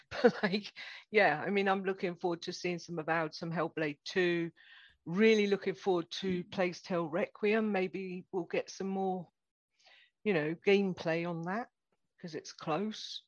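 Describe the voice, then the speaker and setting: A woman's voice: on the low side, steady tone, a little slow, no room sound. Easygoing woman on a dull mic. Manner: easygoing, chatty, trailing off. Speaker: podcast co-host. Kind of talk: casual gaming chat. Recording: dull lo-fi microphone.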